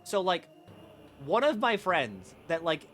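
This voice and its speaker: Young streamer dude rambling and joking, kinda high bright voice. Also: male voice, sing-song, slow pace, a little hiss or hum. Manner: rambling, joking, many filler words. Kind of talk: casual stream chat.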